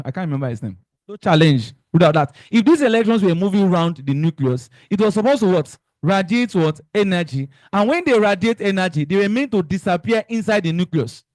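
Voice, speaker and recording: Young Nigerian man, high voice, chemistry teacher, playful, drills students with questions. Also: normal speed, no echo. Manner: animated, joking, quizzing students with fill-in questions. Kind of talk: exam revision lesson.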